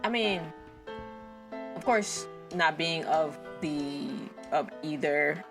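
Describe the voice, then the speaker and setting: A woman's voice: low-pitched, takes it slowly, over music. A woman co-hosting a podcast, chatting casually about a film, trailing off, restarting and acting out little quotes. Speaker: podcast co-host.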